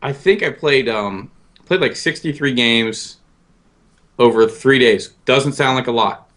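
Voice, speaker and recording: A man's voice: mid-range voice, unhurried, fairly bright tone. A man in his thirties in casual podcast chat, self-deprecating and rambling, often stammering and restarting his sentences. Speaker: guest co-host.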